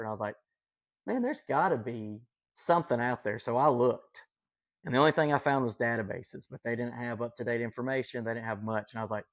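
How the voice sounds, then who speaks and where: A man's voice: medium pitch, no echo. A man with a Southern Appalachian accent, telling stories as a podcast guest in an enthusiastic, folksy way. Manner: enthusiastic, folksy, lots of fillers. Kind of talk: casual storytelling chat.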